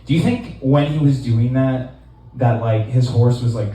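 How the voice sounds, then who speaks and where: Dark-voiced deadpan comedian in his twenties. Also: mid-range voice, normal speed, very echoey, far from the mic, slight background noise, low-quality recording. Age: 20s. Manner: deadpan, rambling with fillers. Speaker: stand-up comedian. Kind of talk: stand-up set. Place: small comedy club.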